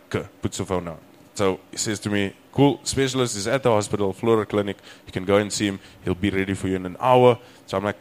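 A man's voice: medium pitch, expressive, fast talker, vocal fry. Swearing man telling a story. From South Africa. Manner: swears freely, acts out both sides of dialogue. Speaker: podcast guest, comedian. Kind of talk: casual storytelling.

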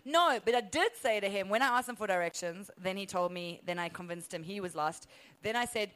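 A South African woman in her thirties, a comedian telling a story in a casual, animated way and laughing often. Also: mid-range voice, fairly quick, low-quality recording. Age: 30s. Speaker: comedian guest. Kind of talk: storytelling chat.

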